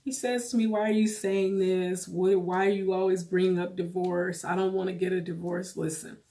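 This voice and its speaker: Tearful woman with a lowish voice. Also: flat delivery, mellow. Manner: emotional, halting, repeats phrases. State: tearful, holding back tears. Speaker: vlogger. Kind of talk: personal storytelling to camera.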